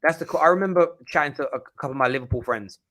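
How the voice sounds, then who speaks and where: Bright-voiced guy hosting a footy stream, chatty, trips over his words a lot. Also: fairly high pitch, racing. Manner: chatty, stumbles and repeats words. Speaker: host of a football live stream. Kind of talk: casual live stream chat.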